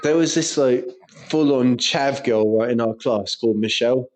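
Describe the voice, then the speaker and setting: A man's voice: medium pitch, normal speed, darkish tone. An Englishman with a crude, sweary way of talking, telling school stories in casual podcast banter and laughing through them. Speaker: podcast co-host.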